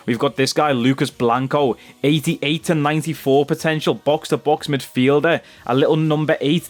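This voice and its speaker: A man's voice: mid-range voice, fairly even intonation, moderate pace, few pauses. Chatty young man saying bro. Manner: chatty, says "bro" a lot. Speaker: gaming YouTuber. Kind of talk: casual gameplay commentary.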